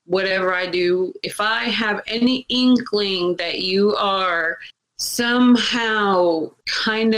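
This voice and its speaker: Animated woman chatting as a podcast host. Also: medium pitch, poor audio. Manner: animated storytelling, acts out quoted people; emphatic, repeats points. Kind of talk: casual chat.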